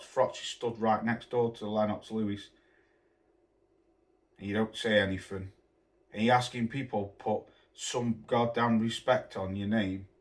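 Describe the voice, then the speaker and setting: A man tears into someone in a heated vlog rant, scornful, swearing freely and piling on insults. His voice sits at an ordinary middle pitch, and he talks straight to the camera. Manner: scornful, swearing, name-calling. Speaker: boxing commentator vlogger.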